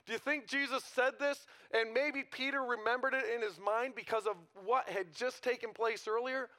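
A man's voice: extremely high pitch, steady tone, normal speed, bright, forceful tone. A male pastor preaching a conversational sermon in a church, often asking the congregation rhetorical questions.

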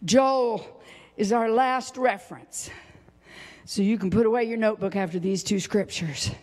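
A woman preaching a sermon, swinging from high exclaiming to hushed whispers. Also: normal speed. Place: church sanctuary. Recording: long reverb of a church hall.

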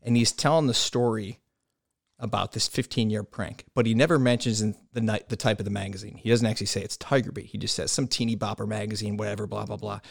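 Lowish voice, dude host telling a bar prank story, chill and a bit crude, dry mic. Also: male voice, quick pace, creaky, dry recording. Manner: relaxed, joking, profane. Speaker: podcast host. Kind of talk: casual chat.

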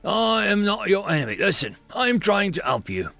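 A man's voice: high-pitched, big pitch swings, normal speed, creaky, pushed and bright, no room sound, soft background music, pitched above the performer's own voice, full character voice. Man voicing a sneering alien interrogator. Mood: menacing. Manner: sneering, threatening. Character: irritable alien male mercenary interrogator, sneering.

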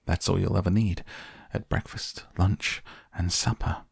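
A man's voice: deep voice, fairly even intonation, a little slow, gravelly, a little mellow, slightly rough, no room sound, clean studio sound, exaggerated voice. A man reading the part of an eccentric, proud male candy inventor, boasting grandly. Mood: boastful.

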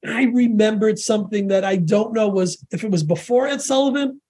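An older American man in his sixties tells long, animated stories as a podcast guest. His voice sits high for a man, and he rambles through restarts and quick quoted asides. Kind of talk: casual storytelling interview.

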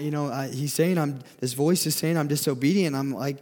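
A young man preaching with an earnest, searching delivery, his voice sitting a little high for a man. He often stumbles over and repeats words before pushing on. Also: steady tone, a little fast, few pauses, a little mellow. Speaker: speaker giving a talk. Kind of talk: sermon.

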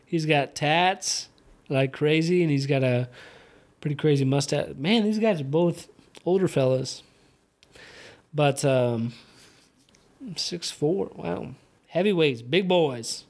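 A man's voice: on the high side, takes it slowly, pauses often, a little mellow. A young man hosting his own podcast, chatting casually and rambling with lots of fillers and restarts, now and then slipping into a slight Southern twang. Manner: slips into a slight Southern twang on country music. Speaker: podcast host. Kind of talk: casual solo chat while watching fights.

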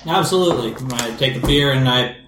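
A man's voice: mid-range voice, a little fast, echoey room, noisy background. A man playing a tabletop game, plain-spoken and inquisitive. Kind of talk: casual in-character play.

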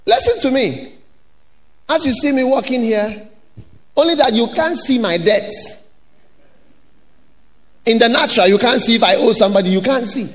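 A pastor preaching a sermon to his church, shouting and chanting in a sing-song way, with laughs and mocking voices. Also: very high-pitched, normal speed, pauses often. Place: large church hall. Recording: hall reverb with faint noise.

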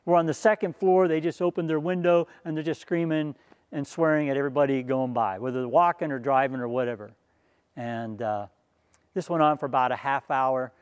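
A man's voice: mid-range voice, steady tone, a little fast, clear, resonant tone, no echo. Earnest man telling a story. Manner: earnest, conversational, turns preachy at the end. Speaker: speaker sharing a testimony. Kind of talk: personal storytelling talk.

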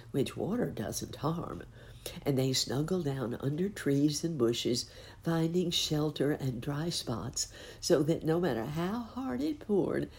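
A woman reading a children's storybook aloud in a gentle, expressive way. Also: sits low, creaky.

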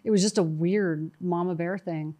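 A middle-aged woman, a guest in an interview, talking in a lively, storytelling way and acting out what others said to her. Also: fairly low pitch, moderate pace. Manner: animated storytelling, quotes herself and others. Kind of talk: conversational interview.

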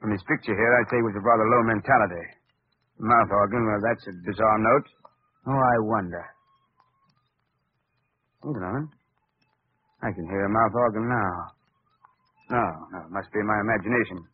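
A formal wealthy philanthropist. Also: male voice, on the low side, husky. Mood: alarmed. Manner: formal, measured speech. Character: wealthy older male philanthropist, composed then shaken. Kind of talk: 1930s radio acting. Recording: tinny old radio recording with hiss.

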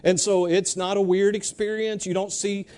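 A man preaching a sermon, animated and urging the congregation to answer back, reading Bible verses slowly. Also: high-pitched. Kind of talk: sermon with congregation call-and-response.

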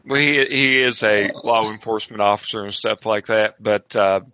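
A man's voice: fairly low pitch, normal speed, background noise. A man running a tabletop horror game as game master, talking in a rambling way and often stopping to search for names.

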